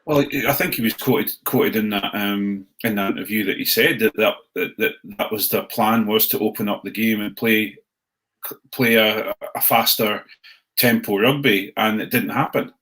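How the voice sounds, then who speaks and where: A man co-hosting a rugby podcast, thinking aloud with many pauses and restarts. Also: on the low side, steady tone, a bit bright. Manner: hesitant, many fillers and restarts. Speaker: podcast co-host. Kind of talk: casual chat.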